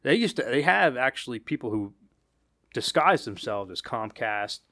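A man's voice: mid-range voice, moderate pace, no echo, studio quality. A man who is a podcast guest, a former delivery driver now in private investigation, telling stories in rambling casual chat. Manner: relaxed, rambling talker who quotes his own thoughts.

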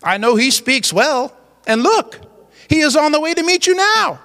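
A man's voice: very high-pitched, huge pitch swings, a little slow, vocal fry, fairly bright tone, long reverb tail, exaggerated voice. A man voicing God as a sarcastic, annoyed figure in a sermon retelling. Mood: sarcastic, exasperated. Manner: mock-cheerful, sarcastic.

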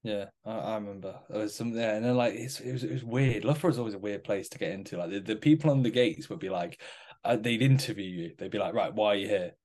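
A man's voice: fairly low pitch, quick pace, a little mellow. A young man chatting casually and joking along with a friend. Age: young adult. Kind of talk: casual chat.

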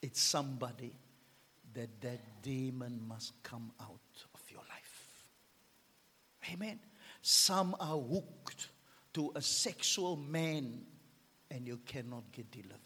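A man preaching a fiery sermon as pastor, swinging between shouts and hushed whispers. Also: medium pitch, lively intonation, takes it slowly, pauses often, husky. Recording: long hall reverb.

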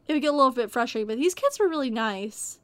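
A woman's voice: fairly high pitch, lively intonation, fairly quick, no room sound. A woman telling work stories in a casual chat, rambling, with lots of "like" and "dude". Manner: rambling storyteller, heavy on like and dude.

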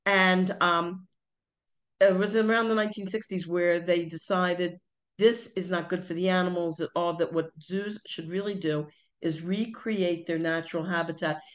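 A woman's voice: fairly low pitch, steady tone, moderate pace. An older woman chatting casually with her son, telling long stories full of fillers and restarts. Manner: rambling storyteller, many fillers and restarts. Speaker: podcast co-host, parent of the other speaker. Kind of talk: casual family chat.

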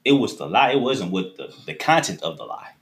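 A man talking casually as podcast co-host, often laughing and swinging between loud and quiet. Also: lowish voice, very animated, brisk. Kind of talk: casual chat. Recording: echoey room with faint noise.

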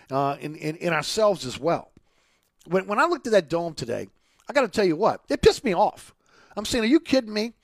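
Indignant New radio host ranting. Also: male voice, high-pitched, no room sound, studio quality. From New Orleans. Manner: indignant ranting with many repeated restarts. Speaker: radio talk show host. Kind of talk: talk radio monologue.

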